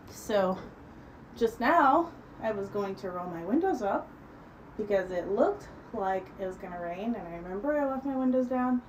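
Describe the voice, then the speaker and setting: A woman talks casually to her viewers from home before leading a stretching session. She is slightly out of breath, rambles and corrects herself as she goes, and her voice sits at an ordinary pitch over a faint background hiss. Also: darkish tone, low-quality recording. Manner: chatty, rambling, self-correcting. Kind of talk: casual live-stream chat.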